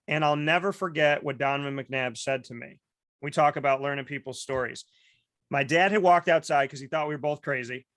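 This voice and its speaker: A man with a bright, somewhat high voice tells stories on a casual talk show. He acts out the people he talks about and often restarts his sentences. The sound is dry, with little room echo. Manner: animated storyteller, acts out quoted voices, many restarts. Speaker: host. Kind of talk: casual storytelling chat.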